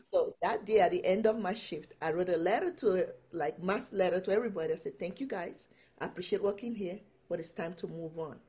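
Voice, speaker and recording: A middle-aged woman, a guest empowerment coach, telling her story in a casual interview, animated and laughing often. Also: on the low side, a little fast.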